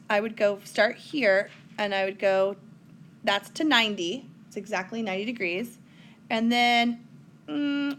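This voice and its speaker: A woman's voice: on the high side, fairly bright tone, a little hiss or hum. A woman teaching a recorded whiteboard math lesson, chatty, with playful asides to her students.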